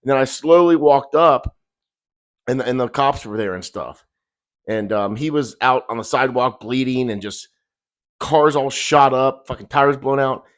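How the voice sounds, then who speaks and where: A man's voice: medium pitch, measured pace. Agitated, swearing man telling his story. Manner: profane, agitated, intense retelling. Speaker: rideshare driver. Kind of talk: emotional first-person storytelling.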